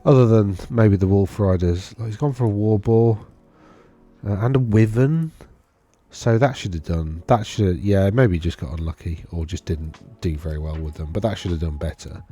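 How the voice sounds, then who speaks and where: A man with a low, mellow, slightly rough voice speaks at a moderate pace, with no echo and faint music behind. As a wargaming video host in casual screen-share commentary, he rambles through tournament data on his screen and corrects himself while thinking aloud.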